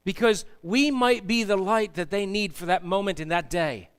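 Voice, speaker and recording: A man serving as pastor preaches a sermon in a church sanctuary at a normal speed. His voice is high-pitched with a clean tone, and he is emphatic, asking the congregation for responses.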